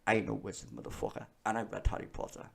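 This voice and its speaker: A man telling stories in casual chat, animated and full of swearing and laughter. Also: on the low side, rapid-fire, vocal fry, slightly rough.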